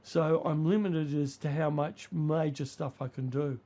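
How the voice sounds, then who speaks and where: An older man hosting a hobby vlog, hoarse and creaky from the flu. He rambles along casually with plenty of ums, his voice sitting a touch high for a man. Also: steady tone, unhurried, dark tone. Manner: chatty, rambling with fillers. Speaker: model railway channel host.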